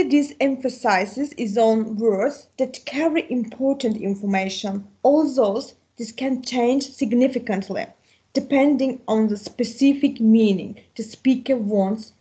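A woman with an Azerbaijani accent, an English teacher slowly explaining a recorded lesson, with an occasional slip. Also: a little high, darkish tone, slightly rough. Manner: slow, deliberate explaining with occasional slips.

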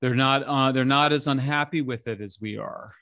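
A middle-aged man speaking as a podcast guest, his voice gravelly and recorded close and dry. He talks in animated, incredulous bursts, often restarting his sentences. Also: mid-range voice, normal speed, no echo. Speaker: author and interview guest. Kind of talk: conversational interview.

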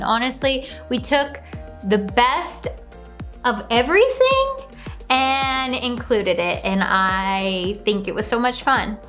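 A woman's voice: sits high, fairly bright tone. A woman casually reacting to her own video, gushing and bubbly, often gasping and laughing.

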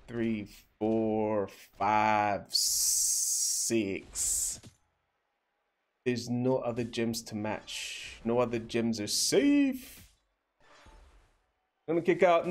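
A young man hosting a livestream, giving casual gameplay commentary and teasing his chat in a playful, joking way. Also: medium pitch. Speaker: livestream host.

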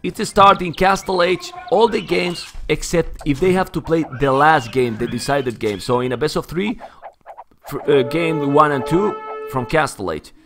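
A man with a Spanish accent, Spanish as his first language, giving excitable live commentary on a strategy game and calling everyone "man". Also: fairly high pitch, normal speed, soft background music. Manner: excitable, keeps saying "man", surges into shouts when hyped. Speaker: esports caster.

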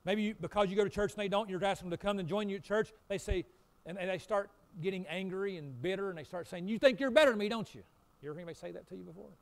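Emphatic preaching man, fairly high voice. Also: slight background noise. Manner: swings between loud emphatic preaching and quiet low asides. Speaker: pastor. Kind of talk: sermon.

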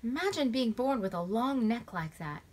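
A woman's voice: a little high, sing-song, normal speed, darkish tone, pitched above the performer's own voice. A woman voicing a bossy eldest boy. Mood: musing. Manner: firm, in-charge tone.

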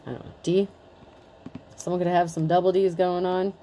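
A woman's voice: lowish voice, little pitch movement, moderate pace, noisy background. A woman in her thirties giving a casual tarot reading in a blunt, chatty way, swearing freely. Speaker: tarot reader.

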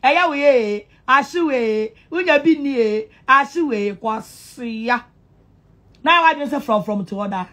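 A woman with a Ghanaian accent delivers a taunting monologue to camera, mocking and repetitive with a sing-song delivery and loud outbursts. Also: high-pitched, lively intonation, normal speed.

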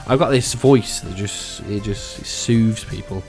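Sweary young gamer, excitable. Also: male voice, fairly low pitch, unhurried, hardly any pauses. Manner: excitable, sweary, swings between mumbling and shouting. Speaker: gaming video host. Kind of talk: casual gameplay commentary. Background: faint background music.

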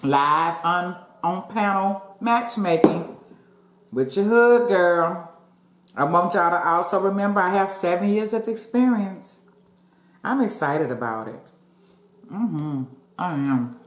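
Brief: woman mukbang host, lowish voice, relaxed chat between bites, roomy echo. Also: slow pace. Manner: chatty, talks with mouth full, addresses viewers as y'all. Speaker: mukbang vlogger. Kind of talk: casual chat while eating.

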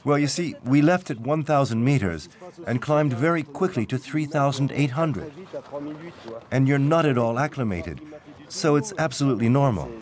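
Calm male doctor, reassuring tone, middle pitch, crowd bustle behind. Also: moderate pace.

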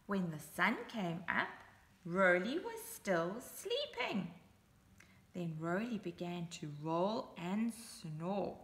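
Slow, bright-voiced woman reading to children. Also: fairly low pitch, creaky, reverberant. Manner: animated, chatty asides to young listeners. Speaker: storybook reader. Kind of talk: children's story read-aloud.

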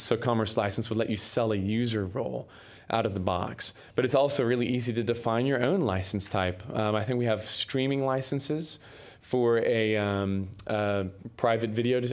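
A man giving a technical conference talk in a casual way, with many fillers and restarts. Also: fairly low pitch. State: coughing, throat irritation. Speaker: conference speaker. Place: conference room.

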